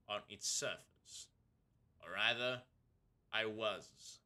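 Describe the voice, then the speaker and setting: A man voicing a stern, scheming Inquisitor who speaks in a measured, formal, persuasive way. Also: medium pitch, pushed and bright, heavily acted.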